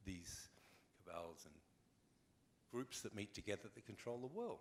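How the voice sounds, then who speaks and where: There's slight background noise as an older Australian actor, his voice fairly low and his pace moderate, shares anecdotes on a convention panel. He tells them wryly and with animation, acting out the scenes in an easygoing way.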